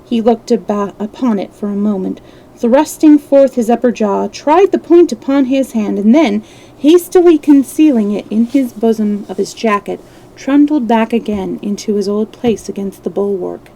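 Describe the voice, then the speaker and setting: A woman storyteller reading a classic adventure novel aloud on a live stream, steady and measured with small slips. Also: a little high, poor audio.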